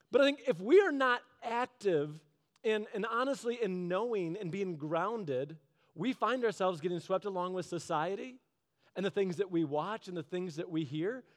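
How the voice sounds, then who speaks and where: A man's voice: sits high, lively intonation, normal speed. A man preaching a casual, conversational sermon, telling stories in an earnest, chatty way. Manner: earnest, chatty storytelling with laughs.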